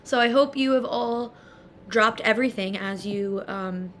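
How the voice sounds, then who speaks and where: A woman's voice: on the high side, measured pace, a little hiss or hum. A young woman co-hosting a casual podcast. She rambles, giggles and uses lots of fillers. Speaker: podcast co-host.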